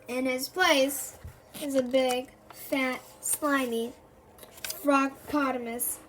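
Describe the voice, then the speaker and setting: A woman's voice: high voice, fairly even intonation, slow pace, fairly bright tone, a little hiss or hum. A woman reading a children's chapter book aloud, narrating in the first person. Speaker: reader.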